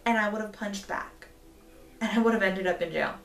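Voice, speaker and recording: A woman's voice: medium pitch, brisk, vocal fry, a bit bright, reverberant, distant mic. Indignant young woman telling a story. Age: 20s. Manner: indignant, rambling with fillers. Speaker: vlogger. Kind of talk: storytime vlog.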